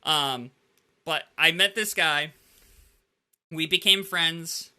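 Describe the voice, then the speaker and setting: A man hosts a laid-back gaming podcast and tells his stories with lively, animated energy. His voice sits a bit high and sounds very bright and cutting, and he keeps tossing "like" into nearly every sentence. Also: slow, clear, resonant tone. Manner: animated storyteller, heavy use of "like". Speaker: podcast host. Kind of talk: casual gaming podcast chat.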